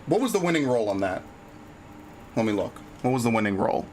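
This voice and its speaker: A man's voice: medium pitch, sing-song, brisk, darkish tone, slight background noise. A man live-streaming a game, talking casually, frustrated and swearing a lot. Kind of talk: casual live-stream chat while gaming.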